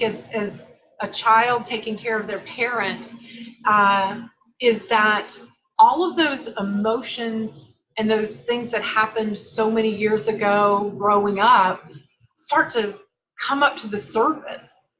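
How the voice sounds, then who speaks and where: A woman's voice: fairly high pitch, poor audio. Woman, family caregiver, confessional vlog, earnest, heartfelt, seated at home. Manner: earnest, heartfelt, softly emotional.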